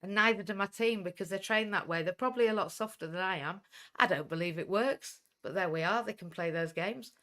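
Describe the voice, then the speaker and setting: A woman with a Welsh English accent talks on a livestream, blunt and outspoken, never beating around the bush. Her voice is bright and forceful, with a hard edge when she pushes a point. She runs a coaching business and swears freely once she gets going. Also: mid-range voice, fairly quick. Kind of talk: livestream talk.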